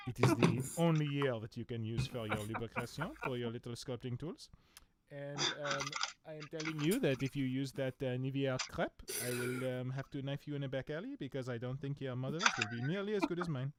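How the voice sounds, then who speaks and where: A man's voice: mid-range voice, brisk, close to an everyday voice. A man voicing a pompous French wine-snob sculptor with a put-on French accent, talking in a theatrical, grandiose way on a noisy stream.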